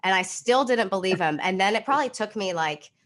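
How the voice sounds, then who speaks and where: A woman's voice: mid-range voice, lively intonation, fairly quick, a bit bright. A young woman co-hosting a podcast, telling a story in a chatty way with lots of "like". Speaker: podcast co-host, former sideline reporter.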